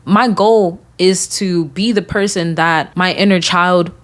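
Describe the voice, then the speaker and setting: A woman's voice: on the low side, fairly even intonation, measured pace. A young woman hosting a podcast, talking candidly late at night, swearing and rambling with restarts, emotional and holding back tears. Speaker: podcast host. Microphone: recording herself on camera.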